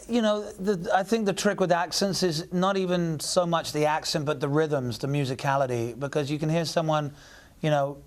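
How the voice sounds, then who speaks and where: English male actor, fairly high voice, reflective interview answers with plenty of pauses. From England. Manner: thoughtful, searching for words. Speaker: actor guest.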